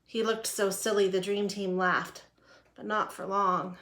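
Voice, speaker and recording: A woman reading a children's picture book aloud in a lively, expressive way. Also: mid-range voice, unhurried, slight background noise. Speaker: storyteller. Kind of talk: children's storybook read-aloud.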